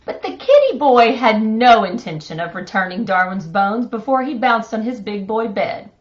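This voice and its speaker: On a live stream with muffled, dull audio, a middle-aged host reads a children's picture book aloud cheerfully, chatting and chuckling along the way. She speaks at a normal speed in a fairly high voice with big pitch swings.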